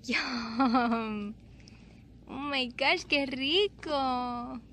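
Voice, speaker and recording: A woman with a high voice films a casual vlog on a farm, talking in an unhurried way. She coos excitedly at the animals in baby talk. Outdoor noise and animal sounds come through clearly behind her on a handheld camera mic. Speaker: vlogger.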